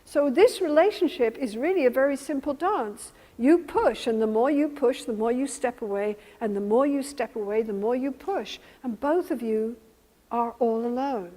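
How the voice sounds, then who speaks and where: A woman's voice: on the high side, moderate pace, dark tone. A woman therapist giving a workshop lecture, animatedly acting out both partners in a couple's session. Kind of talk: teaching lecture with re-enacted session dialogue. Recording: reverberant hall.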